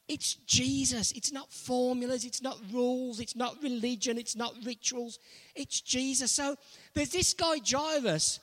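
A man's voice: very high voice, a little slow, fairly bright tone. A man preaching a sermon, retelling a story with emphatic repetition. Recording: long reverb of a large hall.

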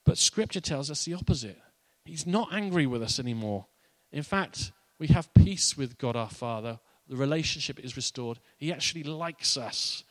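A man delivers a sermon in a relaxed, conversational way, full of asides and humor. His voice sits in a middle register. The recording is close and dry, with little room sound. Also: medium pitch, normal speed, hardly any pauses, no echo. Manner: conversational and playful, with laughs and asides. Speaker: pastor.

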